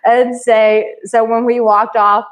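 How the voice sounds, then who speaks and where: Blunt, animated woman dating coach. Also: on the high side, slow pace. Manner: animated and blunt, acts out quoted voices. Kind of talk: casual storytelling to camera.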